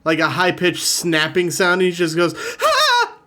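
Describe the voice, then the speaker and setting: A man's voice: a little high, level tone, moderate pace, bright, forceful tone. A man working as dungeon master, narrating with hesitant fillers. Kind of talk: running a tabletop game.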